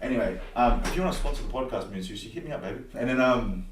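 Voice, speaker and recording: A man's voice: medium pitch, quick pace, recorded from a distance, noisy background. A young Australian man hosting a podcast, telling stories in casual chat, swearing freely and laughing often. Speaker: podcast host. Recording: roomy echo.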